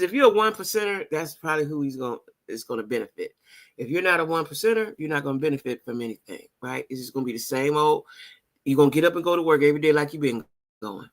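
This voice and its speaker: Middle-aged woman, casual vlog talk to camera, bright and forceful, emphatic and repetitive. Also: low voice. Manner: emphatic, repeats phrases for emphasis, talks straight to viewers. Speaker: vlogger.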